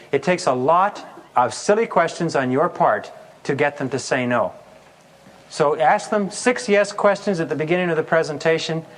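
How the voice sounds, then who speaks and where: A man's voice: fairly high pitch, slight background noise. A man giving a sales seminar, telling stories and acting out the customer's answers with amusement. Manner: storytelling, acts out customer voices. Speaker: sales trainer. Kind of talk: recorded sales seminar talk.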